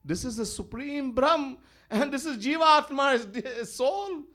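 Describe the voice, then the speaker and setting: A man, a swami telling a devotional story in an animated way and chuckling often. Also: extremely high pitch, a little slow, soft background music.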